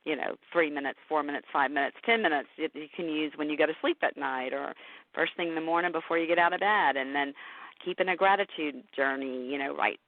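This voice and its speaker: A woman's voice: low voice, fairly quick. A middle-aged woman speaking candidly and emotionally in an interview chat. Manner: emotional, candid, animated storytelling with laughs. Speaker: podcast host and caregiver guest. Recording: tinny phone-line audio, dry.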